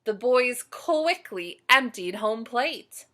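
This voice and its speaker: A woman storyteller reading a picture book aloud to children, pausing to ask them questions. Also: on the high side. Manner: slow, animated, asks listeners questions.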